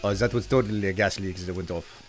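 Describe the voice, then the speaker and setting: A man's voice: low-pitched, fairly even intonation, fast, soft background music. A man streaming a video game and commenting on it in a put-on French-German accent, speaking in a stiff, formal, playful way. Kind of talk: casual gameplay commentary.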